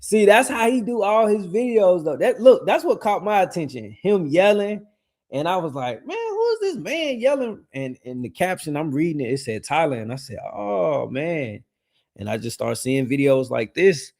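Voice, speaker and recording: A young man streaming a casual reaction, talking in slang, laughing often and swinging between loud and quiet. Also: a little high, expressive, normal speed, creaky.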